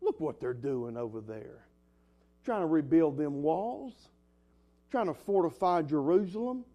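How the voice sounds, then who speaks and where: A man's voice: sits high, lively intonation, normal speed, warm tone, pitched above the performer's own voice. A man voicing an old enemy who sarcastically scoffs at people rebuilding a wall. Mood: sarcastic. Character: sarcastic ancient enemy mocking wall builders.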